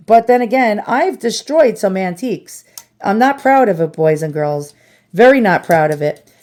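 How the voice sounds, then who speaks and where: This antiques restoration vlogger, a woman with a New York accent, keeps up casual, self-deprecating chatter with viewers while cleaning an antique at home. She has a warm, medium-pitched voice.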